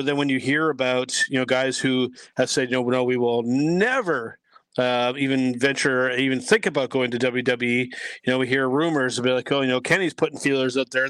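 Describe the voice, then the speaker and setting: A man's voice: mid-range voice, a bit bright, no room sound. A man giving his views as a guest in a casual podcast chat, rambling with many restarts. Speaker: guest commentator.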